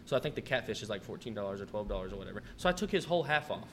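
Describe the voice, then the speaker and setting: His low voice swings widely in pitch, runs very fast, and sounds a bit bright, with a little hiss or hum in the recording. As a podcast host who manages a restaurant, he spins laid-back, profane stories about work and performs his customers' lines.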